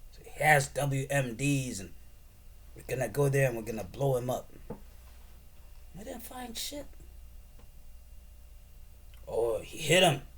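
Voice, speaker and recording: A man's voice: mid-range voice, sing-song, measured pace, long pauses, fairly bright tone, husky. A man giving a profane, sarcastic and rambling political rant as a commentator.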